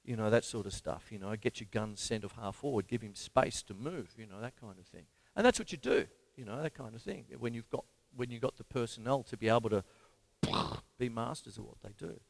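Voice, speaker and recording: A man's voice: medium pitch, a little fast, vocal fry, dry recording. An Australian man hosting a live drum lesson, talking with rambling enthusiasm and scatting drum patterns and counting beats aloud. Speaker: drum teacher and show host.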